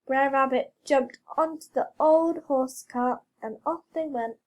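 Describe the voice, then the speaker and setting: A woman reading a children's story aloud, slow, clear and expressive. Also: sits high. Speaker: reader.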